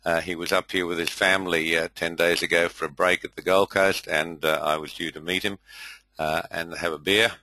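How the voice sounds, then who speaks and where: A man's voice: deep voice, level tone, moderate pace, sharp tone, a little hiss or hum, low-quality recording. An older man hosting a webcast, welcoming listeners in a rambling, friendly way full of fillers. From India. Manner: rambling, many fillers, friendly roll call. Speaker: host. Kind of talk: casual webinar welcome.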